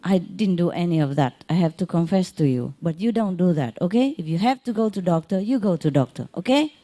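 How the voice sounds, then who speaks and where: A woman with a fairly low, mellow voice gives a relaxed spiritual talk to a gathered audience. She speaks unhurriedly in plain, non-native phrasing, chuckling softly and repeating herself to comfort her listeners. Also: a little fast. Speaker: spiritual teacher. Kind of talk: informal spiritual lecture to an audience.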